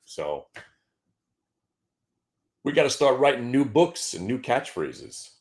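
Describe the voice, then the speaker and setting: A man's voice: medium pitch, big pitch swings, takes it slowly. A middle-aged man hosting a stock trading show, giving casual, joking market commentary with mock-emotional outbursts and stumbling repeats.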